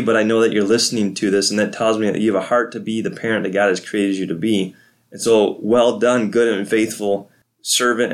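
A middle-aged man with a fairly low voice gives a devotional podcast talk. He is a pastor, and he speaks to parents in an earnest, prayerful and encouraging way.

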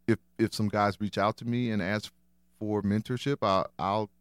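A man's voice: on the low side, steady tone, normal speed, clean tone, no room sound, clean studio sound. A former football player chatting as a podcast guest, hesitant and repeating his words, with many "you know"s. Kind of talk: casual interview chat. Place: warm podcast studio.

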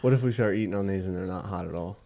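A young man with a fairly low voice co-hosts a casual podcast chat. He jokes and teases his friend, laughing often as they talk. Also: very fast, mellow. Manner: joking, teasing, laughs often. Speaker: podcast co-host.

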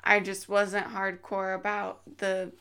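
A woman's voice: medium pitch, completely flat delivery, slow pace, vocal fry, a bit bright, smooth. A woman guest on a podcast, chatting casually and giving dry, offhand answers. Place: podcast studio.

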